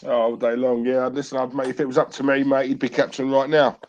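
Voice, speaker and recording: A man's voice: mid-range voice, flat delivery, quick pace, a little mellow, highs cut off. A man with an East London accent, co-hosting a casual football watchalong with laddish banter. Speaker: co-host.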